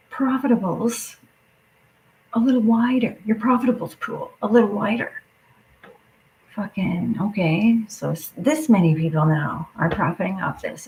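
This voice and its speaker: A woman's voice: mid-range voice, mellow, highs cut off, a little hiss or hum. A woman livestreaming an angry, profane rant that keeps dropping into muttered whispers. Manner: swears constantly, drops into muttered whispers.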